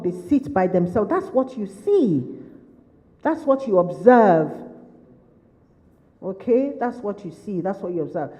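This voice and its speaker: A woman's voice: mid-range voice, mellow. Woman lecturing in an echoey hall. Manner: asks rapid repeated questions, lists and restates points. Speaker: behaviour management trainer. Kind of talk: workshop lecture to caregivers. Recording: lo-fi recording with long hall reverb.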